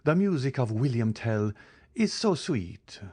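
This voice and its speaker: A man reading an audiobook, voicing a calm, commanding count with bitter irony. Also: mid-range voice, measured pace, husky, dry recording, clean studio sound, voice pushed up. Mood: cold. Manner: calm, icy, ironic. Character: cold, commanding male count, bitterly ironic. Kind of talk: audiobook character voice.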